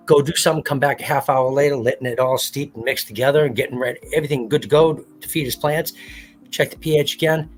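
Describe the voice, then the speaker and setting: A man's voice: mid-range voice, fairly even intonation, fast, soft background music. A man hosting a casual livestream, rambling and swearing freely as he acts out what others said. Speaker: livestream host. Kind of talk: casual chat.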